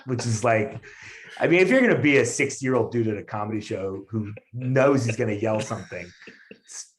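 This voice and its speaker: A male comedian, a guest on a podcast, telling a story in a casual, animated way with lots of fillers and restarts. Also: mid-range voice, normal speed.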